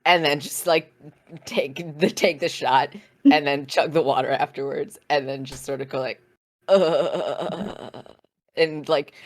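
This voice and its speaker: A woman's voice: deep voice, steady tone, normal speed. A woman playing a tabletop game, hesitant and giggly, with lots of ums as she describes her character's actions. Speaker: player. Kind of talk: casual tabletop play.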